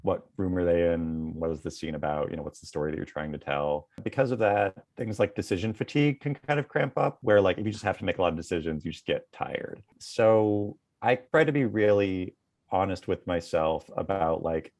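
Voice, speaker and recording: A man's voice: deep voice, fairly quick, darkish tone, no echo. A man in his thirties, a comedy writer, answering interview questions in a rambling way full of fillers.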